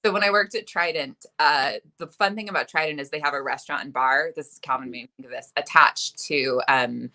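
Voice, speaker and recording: A woman author telling a lively, self-deprecating anecdote in a chatty interview, full of "like" and asides. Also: low voice, a little fast, hardly any pauses. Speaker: author guest. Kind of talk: animated anecdote on a video interview.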